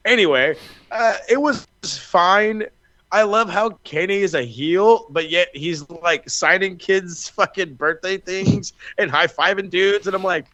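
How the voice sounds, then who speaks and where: Bright-voiced, profane wrestling podcast host. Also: male voice, high-pitched, unhurried, dry recording. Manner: profane, animated storytelling with frequent restarts. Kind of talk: casual wrestling chat.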